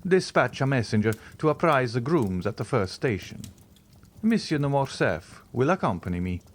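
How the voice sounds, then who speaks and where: A man reading the part of a mysterious, reserved count who speaks in a measured, sighing way. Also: medium pitch, big pitch swings, a little hiss or hum, lightly acted.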